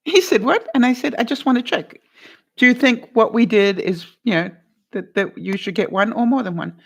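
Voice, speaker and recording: An older woman vlogger giving life advice, telling a story in a casual, animated way and acting out both sides of a phone call. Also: fairly high pitch, moderate pace, gravelly, husky.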